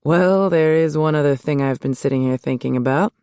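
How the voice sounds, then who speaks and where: A guarded, no-nonsense male cop, read by a woman in an audiobook, answering in short, low, clipped lines. The voice sits deep and close, with a dry, dead studio sound. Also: brisk, warm tone, clean tone, no room sound. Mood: terse. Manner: curt, low and terse.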